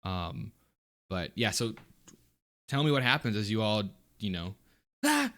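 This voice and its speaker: Brief: lowish male game master, halting delivery, lots of ums and restarts. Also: expressive, fairly bright tone. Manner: halting, full of fillers and restarts. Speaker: dungeon master. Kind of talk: narrating a tabletop game.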